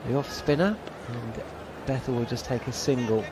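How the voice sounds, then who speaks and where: A man's voice: medium pitch, steady tone, moderate pace, a crowd in the background, noisy background. A man giving live ball-by-ball radio cricket commentary, chatty and wry.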